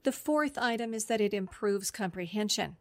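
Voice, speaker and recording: A woman's voice: medium pitch, lively intonation, moderate pace, no echo. A middle-aged woman, a speech-language therapist, explaining therapy strategies on an instructional podcast in an upbeat, step-by-step way. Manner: explanatory, upbeat, lists steps.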